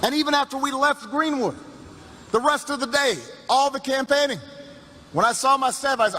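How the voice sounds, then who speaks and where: A man's voice: very high voice, brisk, pushed and bright. A middle-aged man telling a story in a campaign speech, repeating phrases for emphasis and restarting his sentences. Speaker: political speaker. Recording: reverberant hall with background noise.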